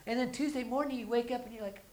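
A woman's voice: a little high, fairly even intonation, quick pace, mellow, slight background noise, low-quality recording. A woman preaching a conversational sermon. She restarts and repeats words, and she acts out the everyday voices of her listeners.

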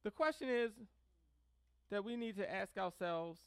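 Lively preacher, close dry sound. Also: mid-range voice, unhurried, smooth, no echo. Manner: conversational preaching with frequent "right?" check-ins; animated, leans hard on key words. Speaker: pastor. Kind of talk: sermon.

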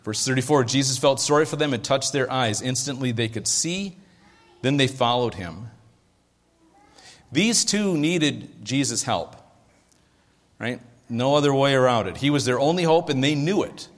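A male pastor with a medium-pitched, expressive voice preaches a conversational sermon at a moderate pace. He often checks that his listeners are following along. A long hall reverb surrounds the recording.

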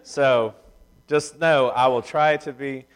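Fast-talking missionary man in his fifties. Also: mid-range voice, clear, resonant tone, poor audio. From Ohio, USA. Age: 50s. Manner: fast-talking, animated storyteller, folksy. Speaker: visiting missionary speaker. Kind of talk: church sermon with storytelling.

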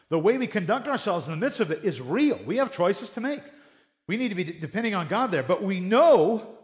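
A man preaching a sermon in a conversational, animated way, acting out little quoted exchanges. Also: high-pitched.

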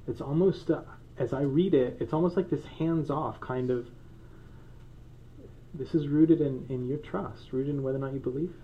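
Joking pastor preaching casually. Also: male voice, mid-range voice, steady tone, a little fast, dull audio, a little hiss or hum. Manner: conversational, joking asides, laughs often. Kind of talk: sermon. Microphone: microphone.

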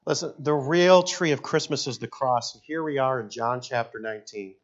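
A middle-aged man, a pastor preaching a sermon in an animated, jokey way. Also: mid-range voice, normal speed, muffled recording. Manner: animated, jokey, shouts in acted quotes.

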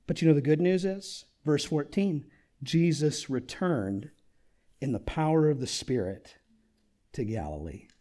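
Male pastor, somewhat high, very lively delivery; animated sermon with hushed drops and questions to the congregation. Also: measured pace. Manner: animated preaching, swinging from loud peaks to near-whispers.

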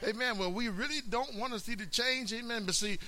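A man preaching a sermon, animated, calling out amen and acting out the scripture's lines. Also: extremely high pitch, fairly quick. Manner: animated, calls amen, acts out quotes.

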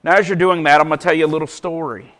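High-voiced man preaching a sermon. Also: racing, poor audio. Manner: relaxed storytelling with jokes, grows loud and emphatic reading Scripture. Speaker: pastor.

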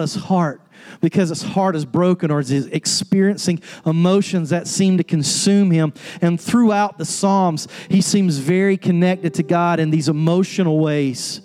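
A pastor preaching an earnest sermon on grief, rising to an impassioned pitch. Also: male voice, steady tone, normal speed. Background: soft guitar music.

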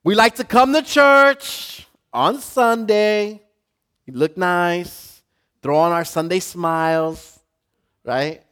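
A male pastor preaching a sermon to a live congregation, building from quiet talk to shouting. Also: sits high, fairly even intonation, slow, clear, resonant tone.

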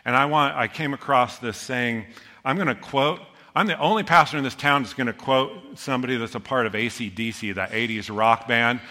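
A middle-aged man preaching a sermon, telling stories in a lively, joking way. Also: medium pitch, brisk. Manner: storytelling, animated, self-deprecating humor. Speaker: pastor. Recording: long hall reverb.

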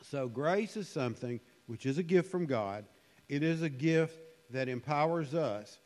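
Slow, musing preacher in a reverberant hall. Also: male voice, on the high side, animated, a little mellow. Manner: unhurried, musing, with frequent fillers. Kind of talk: conversational sermon.

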